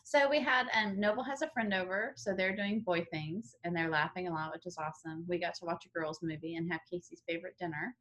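A woman's voice: fairly low pitch, fast, few pauses, fairly bright tone. A woman co-hosting a podcast in casual, teasing chat, laughing often. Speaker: podcast co-host.

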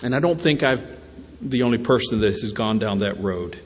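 A male pastor preaching a sermon in a church, swinging between slow, quiet emphasis and bursts of animated storytelling as he acts out voices. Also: fairly low pitch. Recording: long hall reverb.

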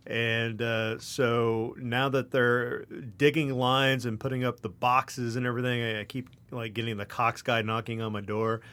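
A man's voice: medium pitch, flat delivery, a little slow, hardly any pauses, fairly bright tone. A man from Kansas co-hosting a podcast, an easygoing storyteller who leans on lots of fillers. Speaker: podcast co-host. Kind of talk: casual podcast chat.

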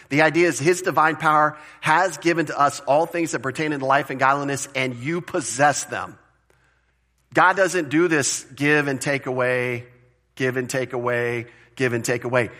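A man preaching a sermon to his congregation, emphatic and animated, repeating phrases and asking the room questions. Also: medium pitch. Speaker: pastor.

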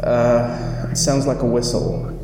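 A man reading aloud and voicing a girl who speaks softly and quietly. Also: medium pitch, flat delivery, takes it slowly, heavy reverb, long reverb tail, over loud music, poor audio. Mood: hushed. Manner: soft, hushed. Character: girl in a spooky story.

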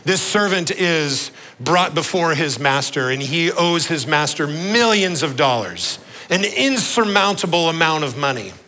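Pastor, male, bright ringing voice, earnest sermon delivery that sinks low and slow for emphasis. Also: expressive, low-quality recording. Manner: earnest, slows and drops low on key words.

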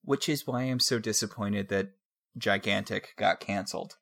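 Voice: sits low, normal speed, gravelly, fairly bright tone. A podcast co-host recapping a show in casual chat, with dry, wry asides.

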